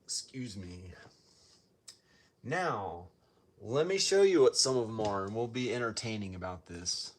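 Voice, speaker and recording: A man casually rambling through a home vlog, halting and self-deprecating as he shows his books. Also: lowish voice, expressive. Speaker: vlogger showing his book collection.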